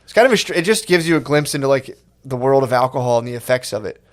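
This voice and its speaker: A man's voice: mid-range voice, animated, quick pace. A man in his thirties co-hosting a podcast, riffing in swearing banter and laughing easily. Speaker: podcast co-host. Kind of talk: casual chat.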